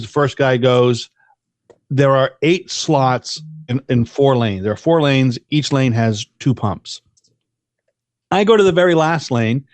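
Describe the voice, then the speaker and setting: A man's voice: medium pitch, dry recording. A man co-hosting a podcast, telling a long profane story in casual chat, with many restarts. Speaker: podcast co-host.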